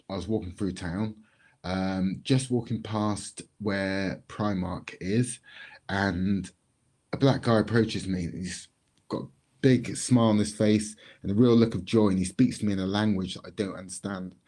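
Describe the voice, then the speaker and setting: A man tells a personal story in a low, mellow voice. He speaks in a measured, reflective way and leaves pauses between thoughts. His tone is warm and relaxed. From Bristol, England. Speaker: community speaker.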